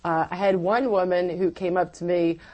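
Animated woman telling her story. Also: lowish voice, moderate pace, highs cut off. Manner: animated storytelling, acts out her past self. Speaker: guest. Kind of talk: personal testimony in conversation.

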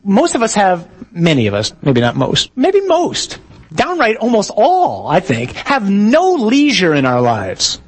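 A man's voice: high voice, wildly swooping pitch, unhurried, breathy edge, rough recording. A man, a priest, giving a conversational sermon with jokey asides and told stories.

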